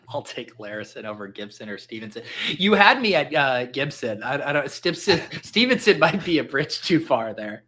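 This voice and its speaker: A man's voice: mid-range voice, very animated, measured pace, sharp tone, slightly rough. A man hosting a casual podcast, rattling off names and numbers and telling jokey stories. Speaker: podcast host. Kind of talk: casual podcast chat during a fantasy football draft.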